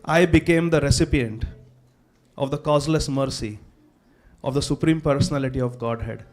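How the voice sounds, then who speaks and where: A man's voice: mid-range voice, normal speed, darkish tone, lightly acted. A man playing a devout, regal king of Odisha, addressing the audience in a formal, stately live stage monologue. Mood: regal storytelling. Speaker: actor in a festival drama.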